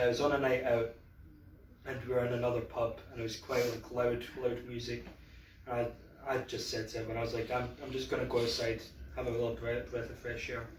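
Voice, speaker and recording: A man's voice: mid-range voice, level tone, fairly quick, slight background noise. A man doing stand-up in a pub, telling a story in a rambling, self-deprecating way full of "I was like". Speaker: stand-up comedian. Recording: echoey pub room, mic heard from a distance.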